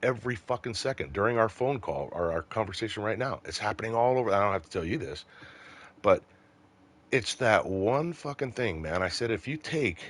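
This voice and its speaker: A man's voice: fairly low pitch, fairly quick. A middle-aged man, once a police officer, telling a story in casual chat with a lot of swearing. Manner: profane, animated storyteller.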